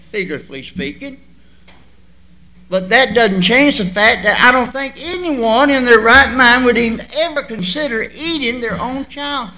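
A man preaching a sermon to his church, with sudden loud bursts and drawn-out emphasis. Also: extremely high pitch, poor audio. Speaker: pastor.

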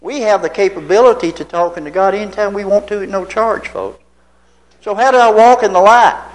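In this poorly recorded clip, a seventy-something man from Tennessee delivers an anecdotal sermon, a folksy personal story laced with rhetorical questions. He has a high voice and talks a little fast.

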